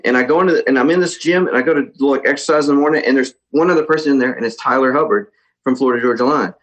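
A man, a musician guest, telling a lively story in a casual interview, often mimicking others. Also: medium pitch, rough recording.

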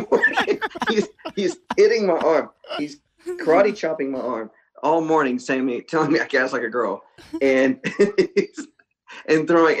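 Guy telling a funny story, acts out the voices, middle pitch. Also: poor audio. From Texas. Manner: animated storyteller, acts out voices of people in his stories. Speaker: guest musician. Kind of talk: casual storytelling.

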